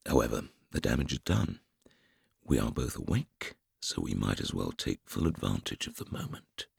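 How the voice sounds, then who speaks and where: A man's voice: rumbling low, takes it slowly, gravelly, breathy edge, no echo, studio quality, full character voice. A man voicing a panicked ex-soldier waking from a nightmare, later whispering wryly to his partner. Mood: whispered, teasing. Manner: panicked, then hushed and wry. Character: Hector, a shaken ex-soldier man.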